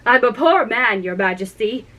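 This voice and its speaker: A woman's voice: a little high, animated, measured pace, fairly bright tone, poor audio. A woman voicing a nervous, timid male hatter in a read-aloud storybook, pleading in a trembling voice.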